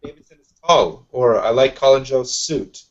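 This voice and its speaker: A man's voice: medium pitch, normal speed, dull audio. A man on a comedy podcast panel, making offhand, wry remarks in casual chat.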